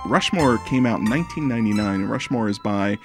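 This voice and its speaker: Playful low-voiced man in his forties. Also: lively intonation, fast, over loud music. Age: 40s. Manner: playful, teasing, talkative with filler restarts. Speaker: podcast host. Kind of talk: casual film podcast chat.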